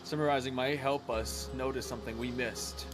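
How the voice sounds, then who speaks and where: A man's voice: medium pitch, steady tone, normal speed, close to an everyday voice. A man voicing an earnest, diligent young male assistant in a formal, precise manner, reading game dialogue over game music. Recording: game music playing behind.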